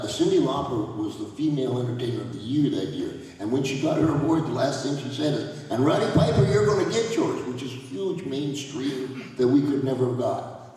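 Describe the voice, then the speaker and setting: A man's voice: medium pitch, dark tone. A man telling rambling stories as a panel guest, laughing often as he talks, in a large convention hall. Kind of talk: anecdotal storytelling at a fan panel. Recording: echoey hall, voice from far off.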